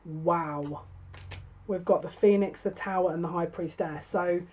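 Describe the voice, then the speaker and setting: A woman's voice: on the low side, steady tone, a little slow, a little mellow, lo-fi sound. A woman giving a tarot reading to camera, musing and thinking aloud with frequent restarts. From United Kingdom. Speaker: tarot reader.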